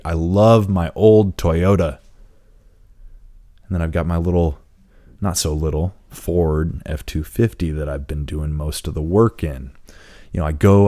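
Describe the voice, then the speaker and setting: Low-voiced guy rambling thru a story into a close mic, lots of cussing, dry sound. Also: warm tone, no echo. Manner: profane, rambling, laid-back. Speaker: podcast host. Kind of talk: casual storytelling monologue. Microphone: close microphone.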